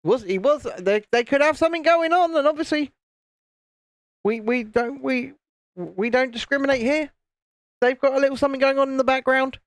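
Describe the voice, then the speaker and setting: A man's voice: normal speed, clean tone, no room sound. A man from the UK casually chatting on a live stream while building LEGO, teasing his friends and reading out viewer comments. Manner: mimics friends in higher voices.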